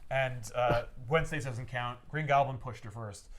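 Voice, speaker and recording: A man hosting a casual comic podcast chat, animated and swearing as he acts out scenes. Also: medium pitch, normal speed.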